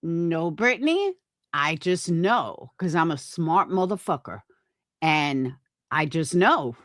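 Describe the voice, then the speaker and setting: Woman rival streamer, slow deliberate delivery, swears hard, dry close sound. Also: sits low, very animated, fairly bright tone, no echo. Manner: combative, profane, slow and deliberate. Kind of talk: heated livestream argument.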